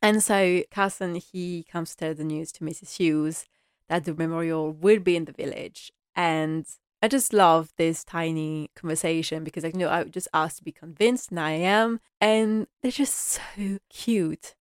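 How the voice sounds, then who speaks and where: A woman casually recapping an episode, chatty and animated, acting out quotes and laughing often. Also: deep voice, normal speed, smooth, no room sound, studio quality. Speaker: show recap vlogger.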